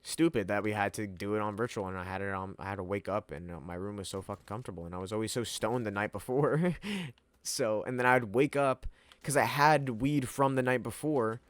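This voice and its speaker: A man's voice: on the low side, fairly quick, no echo. Laid-back young man rambling with slang. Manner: rambling, laughing, heavy slang and swearing. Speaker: vlogger. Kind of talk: casual storytelling to camera.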